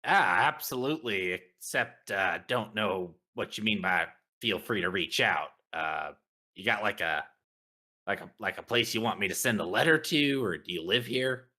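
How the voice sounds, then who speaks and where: A man's voice: lowish voice, animated, normal speed, bright, forceful tone. A man voicing a rustic male blacksmith in a tabletop game, with folksy, hesitant, rambling talk. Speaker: player. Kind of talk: in-character tabletop role-play.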